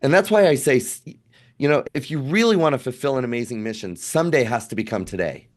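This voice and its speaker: A fast-talking American man in his fifties with a medium-pitched voice appears as a podcast guest, recounting a family travel story casually and with animation while acting out what people said.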